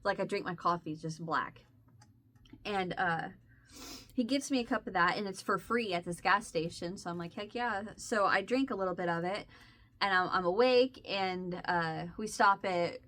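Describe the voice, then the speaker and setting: Bright-voiced woman chatting casually. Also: fairly low pitch, moderate pace. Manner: rambling and animated, with restarts and laughs. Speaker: crochet vlogger. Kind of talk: casual storytelling chat.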